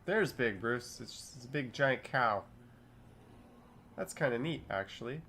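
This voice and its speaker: Casual male streamer, 30s, mid-pitched, chatty chat-reader, faint noise behind. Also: lively intonation, unhurried, bright, forceful tone. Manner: chatty, reads chat comments aloud and riffs on them. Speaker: streamer reading live chat.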